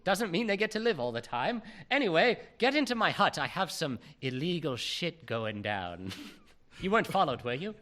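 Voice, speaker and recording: A man putting on a big, gruff, bumbling male half-giant groundskeeper who scolds the kids and spills secrets. The voice stays lively and bright, a goofy improvised comedy-podcast take on the character. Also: on the high side, moderate pace.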